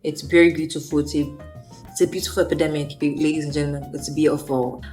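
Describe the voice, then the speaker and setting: A young woman rambles through a personal faith vlog in a loose, slangy way, circling back on her own words. Her voice sits a little low for a woman. Soft music plays faintly behind her. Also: fairly even intonation, quick pace. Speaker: faith vlogger. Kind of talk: casual faith vlog monologue.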